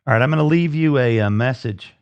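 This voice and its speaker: A man's voice: mid-range voice, quick pace, darkish tone, smooth, dry recording. A man hosting a live stream, chatting casually and rambling with lots of fillers and restarts. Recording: dull lo-fi stream audio.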